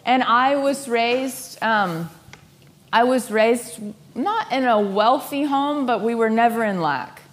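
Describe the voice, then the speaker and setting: Young woman, slightly high voice, lively storyteller who voices the people in her story. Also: slow. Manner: animated, laughing, acts out quoted voices. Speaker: speaker sharing a personal story. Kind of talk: storytelling talk.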